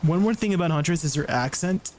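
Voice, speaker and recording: A man's voice: on the high side, fairly quick, a little hiss or hum. Giggly, playful male streamer. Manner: playful, giggly, excitable chatter. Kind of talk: casual game commentary.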